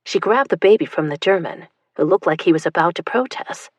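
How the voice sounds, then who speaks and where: A woman narrating an audiobook in a tense, hushed storytelling manner. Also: on the low side, animated, fairly quick, no room sound.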